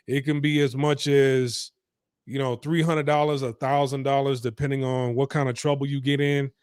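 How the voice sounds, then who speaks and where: A man's voice: medium pitch, flat delivery, normal speed, darkish tone, clean tone, dry recording, studio quality. A man hosting an interview, chatting casually and emphatically with lots of fillers. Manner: conversational, emphatic, filler-heavy. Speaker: podcast host.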